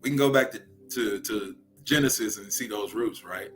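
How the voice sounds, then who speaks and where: A man's voice: lowish voice, moderate pace, fairly bright tone, soft background music. A young man from Louisiana with a Southern accent hosts a spiritual livestream talk in a preachy way, often asking "right?" to check in with his viewers.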